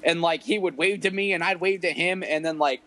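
Rambling, profane young man, high voice. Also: fairly quick, bright, forceful tone, low-quality recording. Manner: rambling, profane, laughs often. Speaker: podcast guest musician. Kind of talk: casual storytelling chat.

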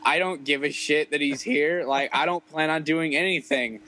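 Young man, higher voice, rambling, profane, laughs a lot, casual storytelling. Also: normal speed, pushed and bright, poor audio. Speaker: podcast guest musician.

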